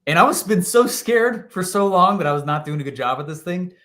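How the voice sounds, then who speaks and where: A man in his thirties, a podcast guest telling a story in lively fashion, laughing often and acting out what people said. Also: sits high, brisk. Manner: animated, laughs often, acts out quotes. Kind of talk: storytelling interview answer.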